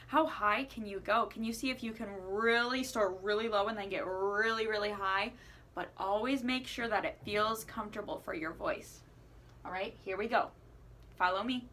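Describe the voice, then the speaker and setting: A woman teaching children a playful singing lesson, asking questions and encouraging them as she swoops her voice high and low. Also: moderate pace, fairly bright tone. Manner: encouraging, asks the listener questions. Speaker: music teacher.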